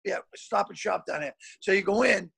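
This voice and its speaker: Gravelly, raspy older man. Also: high voice, moderate pace. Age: over 60. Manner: loud, swearing, restless storyteller who repeats words. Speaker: comedian guest. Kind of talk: storytelling anecdotes. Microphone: video call.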